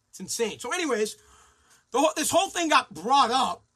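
Guy on a talk show going off, swearing a lot, high bright voice. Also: lively intonation, fairly quick, slightly rough. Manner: angry, sarcastic, mocking callers in put-on voices. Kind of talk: profane rant.

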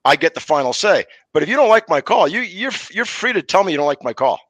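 A middle-aged man, a former referee, telling lively anecdotes on a podcast and acting out the quotes. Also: fairly high pitch, fast talker, no room sound, low-quality recording. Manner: animated anecdotes, acts out quotes. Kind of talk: casual storytelling on a podcast.

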